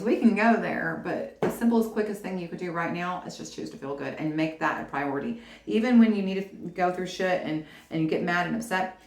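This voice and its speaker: A woman tarot reader with a lowish voice, talking animatedly and encouragingly straight to the viewer in a casual reading. Her voice rings in a roomy, echoey space. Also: slight background noise. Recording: roomy echo.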